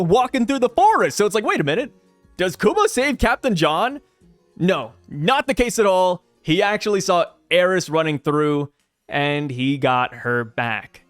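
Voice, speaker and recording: A man with a high voice that swings widely up and down hosts a comic review in casual commentary. He jokes and thinks out loud as he talks. The recording is dry and close with faint music behind. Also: no echo. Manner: animated, jokey, thinks aloud. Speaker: manga review channel host.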